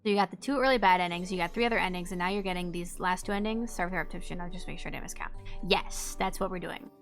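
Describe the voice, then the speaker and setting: A woman's voice: fairly low pitch, racing, soft background music. Giggly, bubbly woman streamer. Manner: bubbly and giggly, greets chat warmly. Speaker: streamer playing a game. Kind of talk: casual livestream chat.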